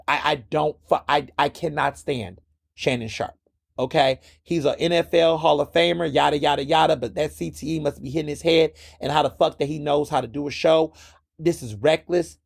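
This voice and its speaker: Guy ranting on his own podcast, gravelly and husky, kinda high voice, blunt and fired up. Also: normal speed, no echo, clean studio sound. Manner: impassioned, blunt, repeats words when worked up. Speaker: podcast host. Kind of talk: opinionated solo commentary.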